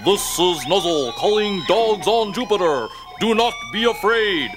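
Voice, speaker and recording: An excitable, goofy puppet dog. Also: male voice, high-pitched, unhurried, loud music behind the voice. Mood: excited. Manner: excitable, bumbling, gasping. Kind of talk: children's TV puppet show acting.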